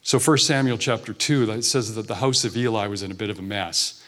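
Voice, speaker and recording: A man's voice: lowish voice, a little fast, fairly bright tone. A man preaching an informal, earnest sermon in a church sanctuary, talking conversationally and often restarting his sentences. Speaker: guest preacher.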